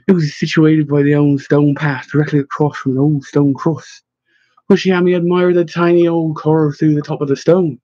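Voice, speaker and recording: A man reading a story aloud in measured, expressive narration. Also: fairly high pitch, no echo, dull audio. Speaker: audiobook narrator. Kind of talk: scripted narration.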